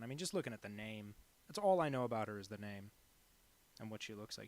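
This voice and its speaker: Male cartoonist streamer, gravelly fry in the voice, deadpan and rambling as he draws live. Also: lowish voice, fast. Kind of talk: casual chat while drawing live.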